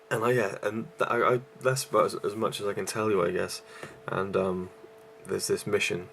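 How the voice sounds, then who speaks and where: A man's voice: low voice, vocal fry, a little hiss or hum. A man reviewing a movie in a casual vlog, out of breath and rambling with many fillers and restarts.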